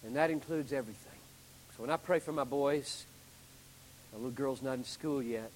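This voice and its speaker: A man pastor delivering a sermon with emphatic preaching, building to loud climaxes and then dropping low. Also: normal speed, big-room sound, slight background noise, rough recording.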